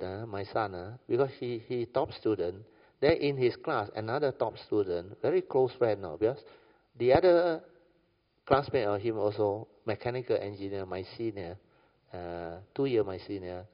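A man's voice: on the low side, normal speed. Malaysian man giving a chatty dharma talk. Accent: Malaysian English. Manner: conversational, keeps asking "understand or not?". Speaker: Buddhist dharma speaker. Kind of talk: informal dharma talk with stories. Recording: echoey hall, dull lo-fi sound.

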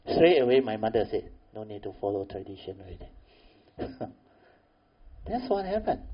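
An older man telling a family story, animated and pressing harder when he makes a point. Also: lowish voice, normal speed, husky. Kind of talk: storytelling talk. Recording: dull lo-fi recording.

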